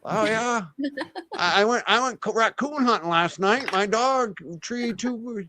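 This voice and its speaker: A man voicing a rowdy rural country man from Massachusetts, with a high, drawling, hooting voice and a rural Massachusetts accent. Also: unhurried, bright, forceful tone, a little hiss or hum. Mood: boastful.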